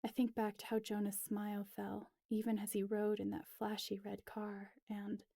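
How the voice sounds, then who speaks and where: A woman reading a first-person story aloud, slow and measured. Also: mid-range voice, completely flat delivery, creaky, warm tone, no room sound, clean studio sound. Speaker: reader.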